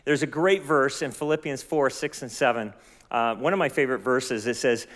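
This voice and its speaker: A man's voice: mid-range voice, normal speed, a bit bright. Earnest preacher man in a reverberant hall. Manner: earnest, asks the listeners questions. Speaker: pastor. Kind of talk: sermon.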